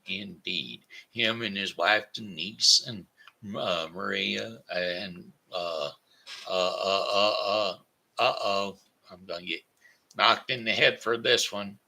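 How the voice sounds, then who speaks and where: A man's voice: fairly low pitch, takes it slowly, vocal fry, pushed and bright. A man hosting his own daily live show, chatting in a folksy, rambling way with friendly asides to his viewers. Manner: breaks into a homespun goodbye song. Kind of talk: casual live-stream chat.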